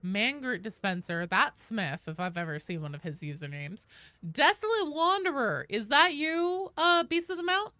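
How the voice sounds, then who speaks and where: A woman's voice: a little high, expressive, moderate pace, sharp tone, no echo. A woman chatting casually with viewers and teammates while streaming a game, swearing, cheering and thanking followers.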